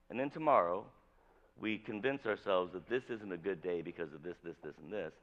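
A man's voice: low voice, expressive, brisk, muffled recording. A male pastor preaching a sermon in a conversational, jokey way, with many restarts.

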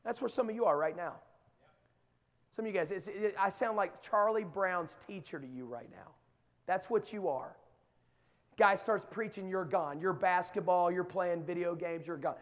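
Middle-aged male preacher, high voice, swings from hushed stories to shouting in a big church. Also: normal speed. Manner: builds from quiet storytelling to shouted exhortation. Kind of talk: sermon to young people. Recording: long hall reverb.

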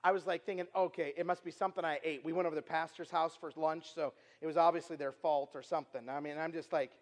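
A man preaching a sermon as a traveling evangelist, telling a personal story in a conversational, animated way with filler words and loud emphatic moments. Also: on the high side, fast. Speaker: itinerant preacher. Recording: long reverb from a large hall.

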